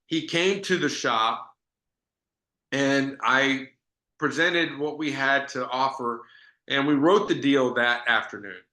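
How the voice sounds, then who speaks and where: A man's voice: mid-range voice, slow, bright, forceful tone, reverberant. A man giving a business sales training talk, telling stories in a conversational way with frequent restarts.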